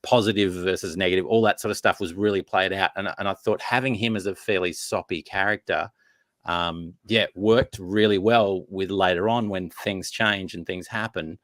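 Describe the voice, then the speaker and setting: A man with a lowish voice co-hosts a relaxed podcast conversation. He picks his words haltingly and restarts often. His voice sounds close and dry, with no room around it. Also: no echo. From Australia. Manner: hesitant, many restarts and fillers. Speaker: podcast co-host. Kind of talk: casual chat about a TV series.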